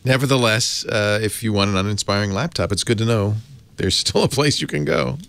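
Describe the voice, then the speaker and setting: A man hosting a casual tech podcast, an animated storyteller who laughs often. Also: on the low side, fairly quick, vocal fry, clean tone. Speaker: host.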